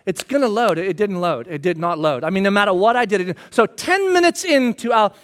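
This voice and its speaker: A pastor in his thirties tells a self-mocking personal story during a sermon, animated and shouting when he acts out his own part. He speaks fast in a high-pitched voice.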